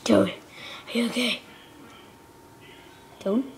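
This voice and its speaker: Woman, high lively voice, slow gravelly delivery, melodramatic play-acting, shrieks and whispers. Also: slight background noise. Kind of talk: improvised play-acting narration.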